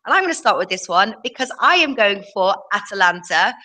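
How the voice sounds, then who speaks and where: A woman hosting a casual online panel about football betting tips, chatty and quick to laugh. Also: mid-range voice, big pitch swings, bright, forceful tone, low-quality recording. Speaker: host.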